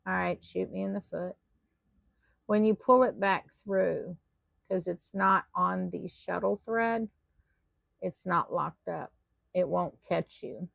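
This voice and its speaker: A woman's voice: fairly low pitch, slow pace, vocal fry, long pauses, dry recording. A woman teaching a live online tatting class, chatty and self-deprecating as she talks viewers through her work.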